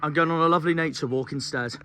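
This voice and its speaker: A man's voice: on the high side, fairly even intonation, very fast, sharp tone, clean tone. A man, a football fan vlogger ranting outdoors by a marina, angry and despondent, with swearing. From South West England. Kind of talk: fan rant vlog.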